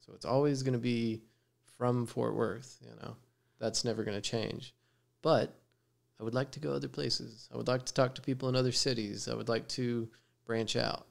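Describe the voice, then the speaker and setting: A man's voice: medium pitch, steady tone, moderate pace, creaky. A man from West Texas with a Texan accent, hosting a podcast and chatting casually with a guest, telling stories and laughing easily. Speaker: podcast host. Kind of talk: casual chat. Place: studio with guest six feet away.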